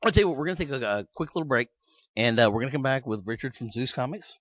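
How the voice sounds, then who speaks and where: Fast-talking podcast host, lo-fi sound. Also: male voice, mid-range voice, expressive. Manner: fast, rambling, laughs often. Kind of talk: casual chat. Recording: dull lo-fi sound.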